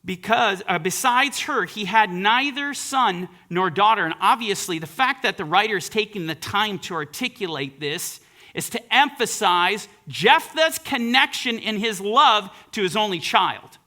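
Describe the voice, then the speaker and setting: Bright, high-voiced male preacher. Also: lively intonation, a little slow. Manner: earnest, emphatic, reads scripture aloud. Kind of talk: sermon.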